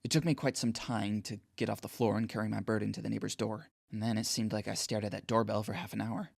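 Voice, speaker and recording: A man's voice: on the low side, level tone, fast talker, vocal fry, darkish tone, no echo, clean studio sound. An actor playing an anxious, awkward teenage boy who narrates his own story in an audio drama, speaking in an inward, self-deprecating way.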